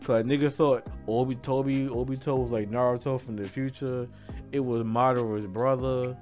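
A man's voice: medium pitch, steady tone, normal speed, darkish tone, muffled recording, soft background music. A man co-hosting a casual podcast about anime, laughing often and acting out the characters he quotes. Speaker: podcast co-host.

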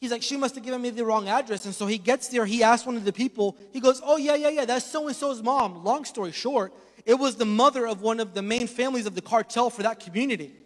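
A man preaching a sermon, telling stories and swinging between loud emphasis and hushed asides. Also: very high voice, quick pace. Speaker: pastor. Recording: long hall reverb.

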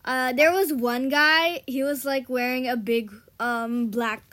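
A woman's voice: sits high, fairly even intonation, a little slow, fairly bright tone. A young woman co-hosting a casual podcast, telling a story with lots of "and then, um" and giggles. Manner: rambling, full of "and then, um", giggly. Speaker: podcast co-host.

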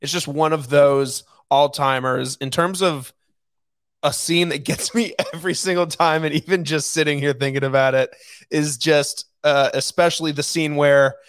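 Podcast guy, upbeat and easygoing, slightly high voice, dead dry mic. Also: moderate pace, clean tone, no echo. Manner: relaxed, enthusiastic, with laughs. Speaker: podcast co-host. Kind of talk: casual movie review chat.

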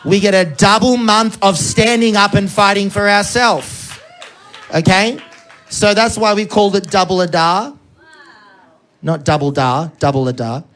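An energetic preacher delivering a sermon who keeps checking in with the congregation. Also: mid-range voice, normal speed, soft background music. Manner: energetic, checks in with frequent "okay?".

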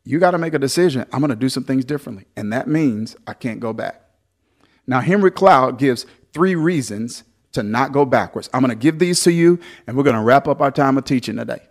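A man preaching a sermon as pastor, swinging between loud, lively exhortation and softer storytelling. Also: mid-range voice, fairly quick.

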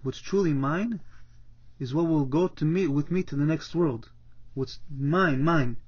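A somewhat high-voiced man teaching a relaxed Torah lesson, slipping into the voices of the characters in a parable he retells. His tone is husky, and the recording sounds dull and lo-fi. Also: measured pace. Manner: retells a parable in plain talk, acts out the characters with restarts. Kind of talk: casual Torah class storytelling.

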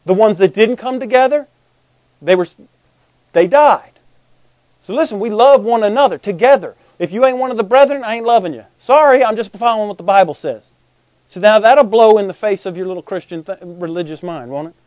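A man's voice: high-pitched, animated, a little fast, no room sound, dull audio. A middle-aged man, preaching a sermon in a folksy, conversational way and often asking the congregation if they follow. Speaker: pastor.

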